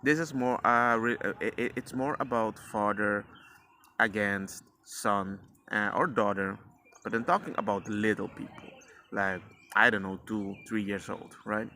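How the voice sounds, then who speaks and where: Outdoors, as a dog walker passes, a father rambles through his parenting experiences in a casual, slangy monologue, often acting out quotes from himself and his son. His voice is on the low side, unhurried, pushed and bright, with slight background noise.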